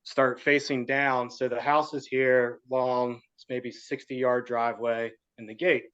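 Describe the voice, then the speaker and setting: A man from West Virginia tells his story as a podcast guest, mid-pitched and lively, slipping into the voices of the people he quotes. His audio sounds dull and lo-fi. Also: unhurried, clean tone. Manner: animated storyteller acting out quotes. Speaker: guest, cannabis grower. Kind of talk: casual storytelling.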